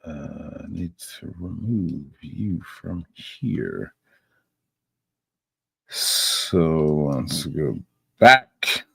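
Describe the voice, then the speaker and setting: Deep gravelly man, husky voice, profane casual stream host, dry close sound. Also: very animated, drawn-out words, long pauses, fairly bright tone, no room sound. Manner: profane, loose, reactive. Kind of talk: casual live-stream chat.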